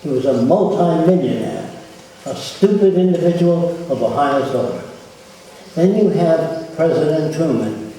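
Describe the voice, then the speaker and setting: A man's voice: a little high, lively intonation, a little slow, dark tone, recorded from a distance, a little hiss or hum. Blunt man lecturing in an echoey hall. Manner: blunt, provocative, quizzes the audience. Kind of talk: public lecture with questions.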